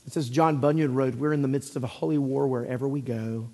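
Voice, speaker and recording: A man's voice: medium pitch, fairly even intonation, quick pace, darkish tone, big-room sound. A man preaching a sermon as pastor, earnest and full of rhetorical questions, often repeating phrases for emphasis.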